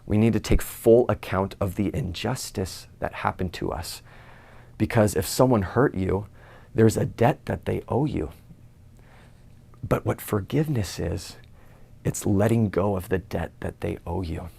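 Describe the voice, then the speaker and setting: Gravelly young man telling his story. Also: on the low side, unhurried, mellow. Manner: earnest storyteller, acts out his own inner thoughts. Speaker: speaker giving a personal testimony. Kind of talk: personal testimony talk.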